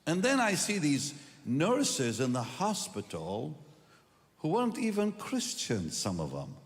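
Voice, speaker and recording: An older man preaching a personal testimony, telling the story with strong emotion and moving between hushed and loud moments. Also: on the high side, huge pitch swings, unhurried. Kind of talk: testimony sermon. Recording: long hall reverb.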